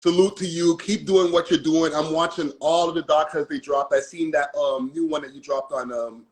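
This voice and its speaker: A man's voice: on the high side, fairly even intonation, moderate pace. A man with a Toronto accent, a guest on a casual live-stream chat, talking in a laid-back, slangy way. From Canada.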